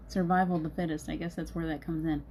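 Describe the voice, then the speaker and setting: A middle-aged woman speaks in an earnest, encouraging way and laughs often. Her voice sits a little low and sounds mellow. A faint background noise runs under the recording. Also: flat delivery, fast. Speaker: host. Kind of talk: casual motivational talk.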